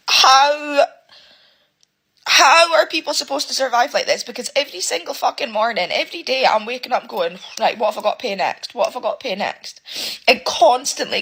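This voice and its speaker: A woman's voice: on the high side, a bit bright, husky. A single mother talking to the camera in an emotional rant, swearing and stumbling over her words. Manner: emotional, swearing, halting restarts. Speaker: single parent venting about living costs.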